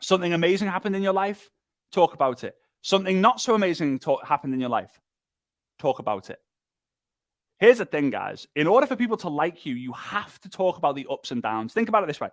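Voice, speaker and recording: An energetic man delivers a motivational business talk, pressing his points through repetition and quick impressions. His voice sits somewhat high for a man. The sound is dry and close. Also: dry recording. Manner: energetic, emphatic, lively, with repetition and mimicry. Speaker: speaker and business trainer.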